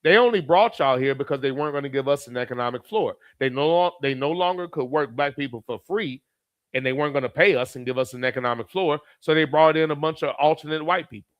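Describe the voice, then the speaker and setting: A man's voice: a little high, quick pace, no echo, lo-fi sound. A man who reads viewer comments aloud as a streamer and gives blunt, profane, heated commentary. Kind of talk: profane live commentary reading chat.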